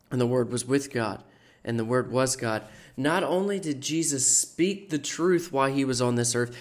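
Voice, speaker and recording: A man hosting a Christian devotional podcast, teaching earnestly and slowing down to stress the scripture he quotes. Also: medium pitch. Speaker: podcast host and preacher.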